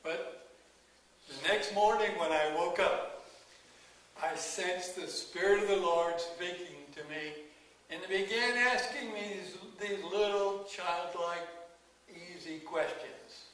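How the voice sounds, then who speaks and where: A man preaching, telling a personal story slowly and acting out his talks with God. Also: high voice, fairly bright tone. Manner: slow storytelling, acts out dialogue with God. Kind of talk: sermon testimony. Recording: echoey hall, mic at a distance.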